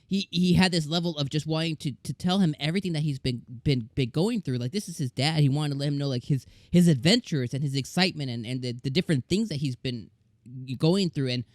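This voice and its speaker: A man reviewing an anime episode in casual chat, excitable and gushing, often repeating words and restarting his sentences. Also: on the high side, brisk, no echo, clean studio sound.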